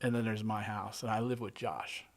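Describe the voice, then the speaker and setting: Man telling a rough story casually. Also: fairly low pitch, flat delivery, moderate pace. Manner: vivid present-tense retelling, swears, frequent restarts. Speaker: guest artist.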